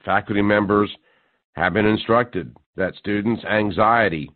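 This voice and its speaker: A male talk radio host working through a mocking, sarcastic monologue and rising to loud disbelief. His voice is squeezed thin like a phone line. The sound is dry, with no room around it. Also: on the low side, a little slow, dry recording. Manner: sarcastic, mocking, building to incredulous outbursts.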